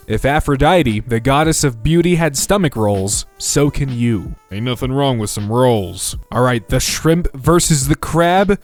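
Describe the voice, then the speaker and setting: A man narrating internet posts aloud in an animated, comic storytelling manner. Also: mid-range voice, a little slow, few pauses. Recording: faint background music.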